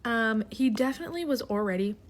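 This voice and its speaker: A woman's voice: a little high, lively intonation, fairly quick. A woman opening a bad first-date story in a casual, chatty storytime monologue, with lots of hesitant ums.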